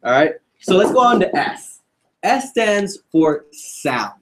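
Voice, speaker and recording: A young man with a high, very animated voice speaks slowly against a noisy background. He's giving a casual sales training talk to a group, cracking jokes and quizzing his listeners with questions.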